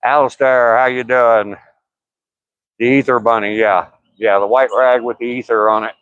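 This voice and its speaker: A man's voice: mid-range voice, fairly even intonation, normal speed, a bit bright, clear, resonant tone, no echo, dull audio. An older man talking casually on a live stream while out walking outdoors, joking and laughing at his own remarks. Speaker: vlogger live streaming a walk.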